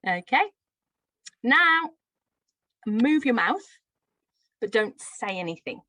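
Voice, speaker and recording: A woman from Birmingham, England, with a Brummie accent explains a pronunciation drill as a teacher trainer in a live teacher-training lesson, friendly and explanatory with light laughs. Her slightly high voice sounds pushed and bright, swings widely in pitch, and takes its time, on a low-quality recording with no echo.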